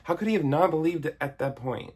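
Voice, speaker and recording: A man's voice: fairly high pitch, animated, fast, a little mellow, husky. A man in his thirties giving a sarcastic, exasperated comedic movie review rant, swearing and mimicking characters. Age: 30s. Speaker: video essayist.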